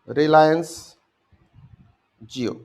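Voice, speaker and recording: A young Indian English-accented man with a slightly high, somewhat mellow voice and vocal fry speaks very slowly. His exam-prep lecture is aimed directly at students, whose answers he acts out.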